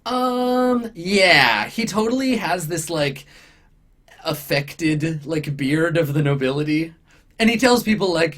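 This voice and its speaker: A man's voice: a little high, lively intonation, slow, a bit bright. A man narrating as game master in a tabletop game, casual and chatty with many fillers, often laughing.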